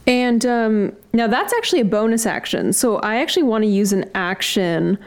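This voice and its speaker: A woman's voice: on the high side, lively intonation, moderate pace. A woman playing a tabletop game, chatty and a little hesitant. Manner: chatty, hesitant, laughs often. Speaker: player. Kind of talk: casual tabletop play.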